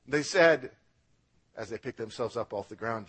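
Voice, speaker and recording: A man preaching a sermon as pastor, swinging between loud emphatic lines and quiet low drops, asking the congregation to repeat words after him. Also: lively intonation, unhurried, pauses often, husky. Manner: emphatic preaching, rising and dropping for effect.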